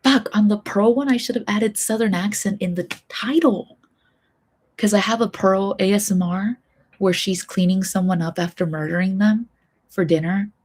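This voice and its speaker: Young woman streamer, breathy and husky, soft-spoken rambling chat that keeps dipping into whispers. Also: mid-range voice, normal speed. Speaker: streamer and hobby voice actor.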